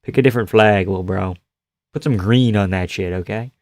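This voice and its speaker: Profane streamer yelling fight reactions. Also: male voice, lowish voice, a little fast, no room sound, studio quality. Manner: casual, profane, answers chat, yells at big moments. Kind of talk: live fight reaction commentary.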